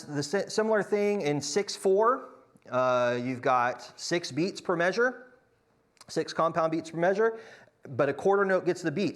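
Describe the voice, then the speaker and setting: A man teaching a church song leading class, counting beats aloud with frequent restarts. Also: on the high side. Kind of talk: church music class lecture.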